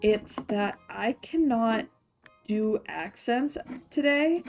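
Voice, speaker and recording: A woman's voice: a little high, animated, slow pace, a little mellow, soft background music. A young woman streamer in a put-on Scottish accent, chatting casually and giggling while she plays a game, muttering to herself now and then. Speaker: streamer playing a farming game. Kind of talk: casual gameplay chat.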